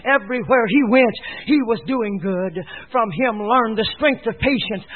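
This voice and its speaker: A man preaching a sermon with fervor, leading the congregation in call-and-response and swinging from hushed passages to shouts. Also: high voice, moderate pace, few pauses. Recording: tinny phone-like old recording with faint hiss.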